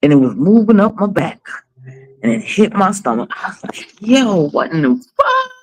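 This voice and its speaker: A woman's voice: medium pitch, big pitch swings, normal speed, poor audio. A woman in her forties hosting a livestream, chatting casually with blunt, profane, dramatic storytelling. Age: 40s. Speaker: livestream host.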